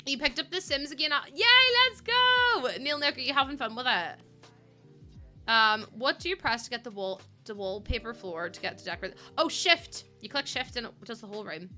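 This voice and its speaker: A woman's voice: a little high, fairly quick, bright, forceful tone, soft background music. A young woman, chatting casually to viewers while live-streaming a building game, laughing often. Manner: chatty, laughs often, acts out quoted voices.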